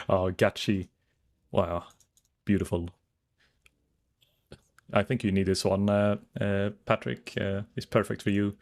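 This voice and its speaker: A man's voice: on the low side, flat delivery, slow, gravelly, pauses often. A man chatting casually to his viewers while streaming a game, rambling as he browses and reads chat.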